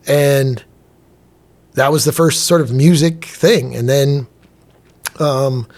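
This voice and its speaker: A middle-aged man, a chef and restaurant owner, telling stories in a casual, lively way in a podcast interview and acting out what people said. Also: medium pitch. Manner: animated, acts out quoted dialogue, casual.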